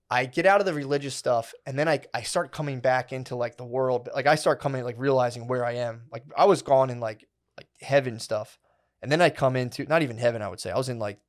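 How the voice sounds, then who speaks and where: A man co-hosting a comedy podcast, telling a long rambling story in an animated way, full of swearing and filler words. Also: mid-range voice, brisk. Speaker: podcast co-host.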